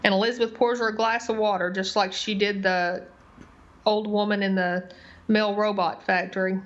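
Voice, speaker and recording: A woman talks through a TV episode, retelling scenes in detail. Her voice sits at a medium pitch. The recording is a little dull and lo-fi. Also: little pitch movement, normal speed. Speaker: podcast co-host. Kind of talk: casual TV recap chat.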